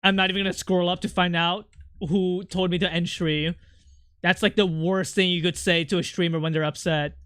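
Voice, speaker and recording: A man's voice: sits high, little pitch movement, moderate pace, a bit bright, smooth, dry recording, clean studio sound. A young man streaming his art, chatting casually with his chat in an irritable, snappy way, swearing and venting.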